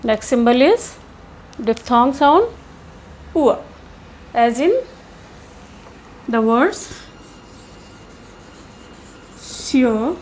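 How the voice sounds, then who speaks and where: A woman teaching English pronunciation, saying each sound slowly and deliberately with pauses and fillers. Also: on the high side, animated, a little mellow, a little hiss or hum. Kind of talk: pronunciation lesson.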